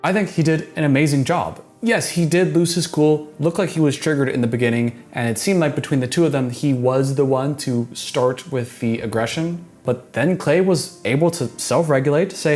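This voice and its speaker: A man giving casual, earnest commentary on a reality show clip, analytical and quick to restart his sentences. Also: a little high, a little mellow, faint music behind. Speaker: reaction commentator.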